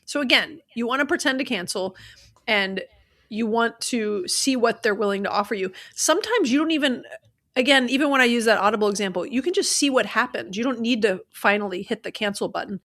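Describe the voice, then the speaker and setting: A woman's voice: a little high, a little fast, a bit bright. A woman co-hosting a money podcast, chatting casually with lots of fillers and acting out sample call scripts. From American South. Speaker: podcast co-host. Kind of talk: casual chat.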